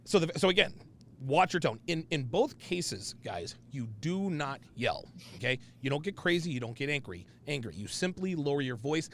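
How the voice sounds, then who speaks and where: Animated gravelly-voiced man hosting a podcast. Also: fairly high pitch, moderate pace, a little hiss or hum. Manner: blunt, emphatic, profane, with laughs and restarts. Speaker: podcast host. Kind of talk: casual podcast talk.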